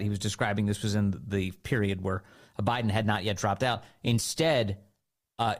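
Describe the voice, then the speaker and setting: A man hosting a talk radio show, giving animated, indignant commentary and acting out mocking quotes. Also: on the low side.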